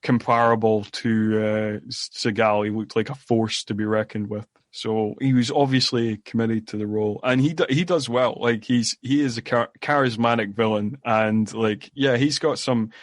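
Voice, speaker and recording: A man's voice: lowish voice, steady tone, normal speed, hardly any pauses, no echo, clean studio sound. A man co-hosting a movie podcast, recapping a film in casual chat full of fillers and restarts. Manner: rambling, many fillers and restarts. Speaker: podcast co-host. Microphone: podcast microphone.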